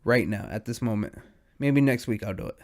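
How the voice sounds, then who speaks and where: A young man with a gravelly, creaky voice at an ordinary pitch, hosting his podcast alone. He is high and sleepy and rambles from thought to thought in loose, profane slang. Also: fairly quick, darkish tone. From United States. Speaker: podcast host. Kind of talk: casual stoned monologue.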